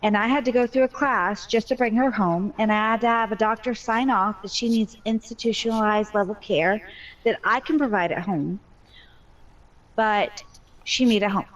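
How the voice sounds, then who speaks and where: A woman's voice: mid-range voice, dull audio. A mother telling her story in a casual voice chat, candid and talkative with a joking streak.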